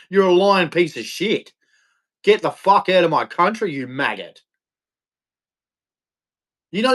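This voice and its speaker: A man rants furiously into a live stream, his voice sitting unusually high for a man. He swears constantly and keeps circling back to the same accusations with blunt, hammering repetition. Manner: angry, profane, repetitive ranting.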